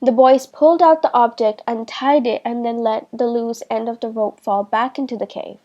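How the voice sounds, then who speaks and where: A woman reading a children's storybook aloud in a slow, clear way for beginners. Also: fairly high pitch, fairly even intonation, highs cut off. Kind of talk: children's book read-aloud.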